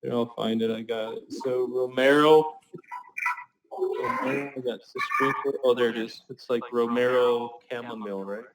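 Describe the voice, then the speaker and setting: A man's voice: mid-range voice, steady tone, normal speed, a little hiss or hum, low-quality recording. A man speaks on a video call in an ordinary mid-range voice. He is hesitant and a little flustered, repeatedly asking for a moment while he looks for things, in a casual, easygoing tone. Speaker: student.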